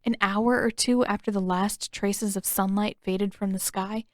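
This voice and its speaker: A woman reads her own fanfiction aloud in steady, even storybook narration. Her voice sits at a middle pitch. The recording is dry and close, with no room sound. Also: unhurried, no echo. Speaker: fanfiction author and podfic reader.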